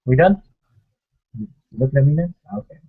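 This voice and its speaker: A young man with a husky, slightly breathy voice tells a convention story in a loose, chatty way, slipping into the voices of the people he quotes. The sound is dull and lo-fi, like a home webcast. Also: mid-range voice, moderate pace. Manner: animated anecdote-telling, acting out quotes. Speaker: co-host of a tabletop gaming show. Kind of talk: casual storytelling recap.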